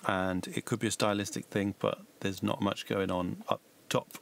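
Low gravelly guy giving laid-back mix notes, faint noise behind. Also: moderate pace. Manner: relaxed, hedging suggestions. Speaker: mastering engineer giving mix feedback. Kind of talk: casual spoken feedback.

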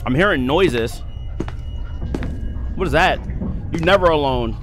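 A man's voice: on the high side, lively intonation, measured pace, noisy background. Hyped young man streaming a game. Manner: hyped, greets chat by name, jumpy reactions. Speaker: livestreamer. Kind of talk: casual gaming commentary.

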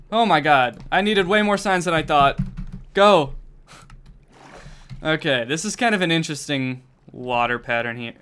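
A man's voice: fairly high pitch, moderate pace, pauses often, clear, resonant tone. A young man streaming a game, chatting casually and jokily to himself and his viewers, with keyboard typing behind him. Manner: jokey, excitable, talks to himself and to chat.

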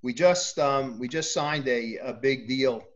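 A man's voice: medium pitch, a little slow, dull audio. A man talking as a guest author in a casual interview, hesitating often with ums.

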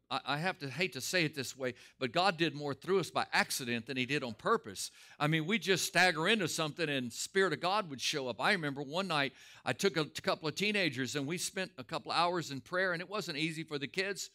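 A male pastor preaches a Sunday school sermon, telling stories with emphatic, driving delivery. His voice is bright and forward, pitched a little above the usual for a man.

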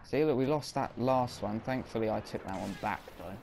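A man's voice: medium pitch, normal speed, gravelly, darkish tone. A man giving casual, self-mocking commentary while playing a video game, reacting on the fly. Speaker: gaming commentator.

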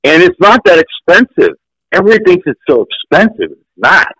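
A man in his sixties, an actor being interviewed, telling stories in a lively, casual way. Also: fairly high pitch, normal speed, slightly rough, dry recording, poor audio. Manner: animated, jumps into acted voices. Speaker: guest actor. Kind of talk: casual storytelling.

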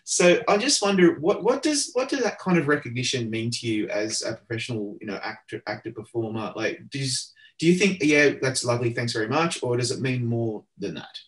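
A man's voice: mid-range voice, big pitch swings, brisk, few pauses. A man hosting a casual interview, chatty and enthusiastic, full of praise for his guest. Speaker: interviewer, entertainment editor.

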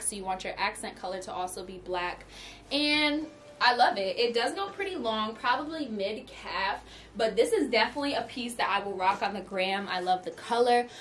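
A woman's voice: a little high, fairly bright tone. A young woman vlogging a clothing haul, bubbly and gushing as she talks straight to her viewers. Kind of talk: excited try-on haul chat. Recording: voice a bit far from the mic, music underneath.

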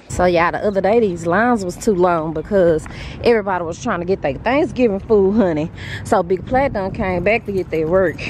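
A young woman, talking to a handheld phone camera in an animated, outspoken vlog, cursing freely. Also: on the low side. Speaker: vlogger. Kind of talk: casual vlog chat. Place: in stores and a car. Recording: background noise from stores and car. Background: store and car noise.

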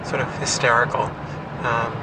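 A man of middle pitch keeps a casual video diary, talking in halting bursts full of fillers and restarts, and yelling when he gets worked up. Steady traffic and car noise runs under his voice throughout. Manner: yelling excitedly while chasing birds. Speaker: diarist filming himself. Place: home apartment, then a car.

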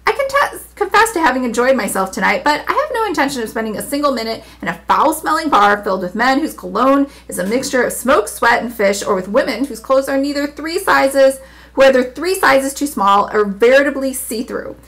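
A woman's voice: sits high, expressive, brisk, a bit bright, voice pushed up. Woman reading a prim, firm heroine. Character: refined, firm, sharp-witted woman.

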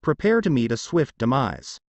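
A man's voice: mid-range voice, big pitch swings, normal speed, no room sound. A man voicing a cold, confident enemy fighter in a fan story reading, threatening his foe. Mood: taunting.

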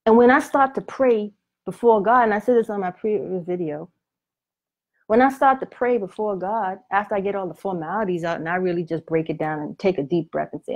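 A woman's voice: on the low side, moderate pace. A woman teaching on the Bible in a preaching video, speaking in a colloquial and emphatic way. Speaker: Christian author and Bible teacher.

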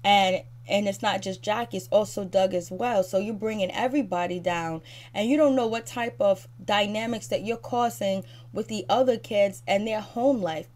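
A woman rants through a reality show recap, addressing the cast directly in a fired-up, critical way. Her voice sits at an ordinary middle pitch for a woman. She keeps circling back with casual fillers. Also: darkish tone. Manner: repeats fillers like "so anyways" and "you know". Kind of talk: ranting recap commentary.

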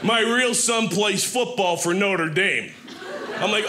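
A man in his fifties performing a stand-up comedy set on a theater stage, animated and acting out quoted voices. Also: sits high, takes it slowly. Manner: animated, acts out quoted voices, shouts punchlines. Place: theater stage with live audience. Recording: stage mic with audible audience noise.

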